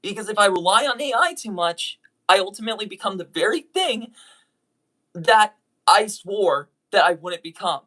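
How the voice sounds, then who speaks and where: A YouTube voice actor offers viewers a direct apology, his earnest speech halting and full of restarted sentences. He has a mid-range voice that is animated, bright, and forceful.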